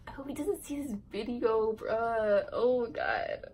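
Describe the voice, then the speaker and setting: A woman's voice: on the high side, slow pace, darkish tone, a little hiss or hum, poor audio. A teenage girl vlogger telling a casual storytime, rambling and giggly, full of "like" and "right". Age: teens.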